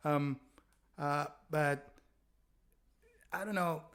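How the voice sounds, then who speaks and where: A man, a stand-up comedian, chatting candidly on a podcast, laughing often and halting with fillers. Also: a little high, steady tone, a bit bright, clean tone. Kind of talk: casual chat.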